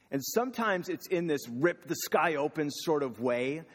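A man's voice: on the high side, lively intonation, a little slow, a bit bright, breathy edge. A man preaching a sermon in a casual, conversational way, asking the listeners questions. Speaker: pastor. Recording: long reverb of a hall.

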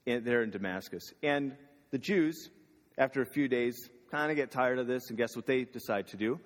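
Guy preaching a sermon, chatty, asks lots of questions, sounds like a big echoey hall. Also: medium pitch. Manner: conversational preaching with rhetorical questions. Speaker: pastor. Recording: long reverb of a hall.

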